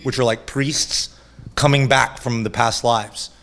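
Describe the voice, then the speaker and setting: A man's voice: medium pitch, steady tone, a little slow, a crowd in the background. A man, a shaman guest in a casual interview, telling stories with lots of laughter and swearing, and acting out other people's voices.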